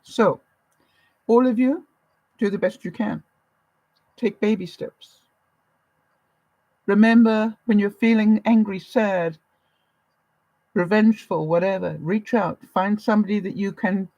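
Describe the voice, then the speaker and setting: A woman's voice: medium pitch, measured pace, long pauses, mellow, no room sound, lo-fi sound. A woman from Canada hosting a live vlog, giving viewers an encouraging, motherly pep talk. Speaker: vlogger host. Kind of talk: live-stream chat with viewers.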